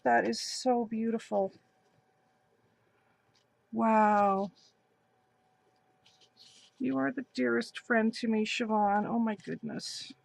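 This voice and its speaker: Crafting vlogger, woman, unhurried and effusive, gravelly fry. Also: on the high side, no echo. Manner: gushing, excited, breathy gasps. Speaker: crafting channel host. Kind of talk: casual unboxing vlog.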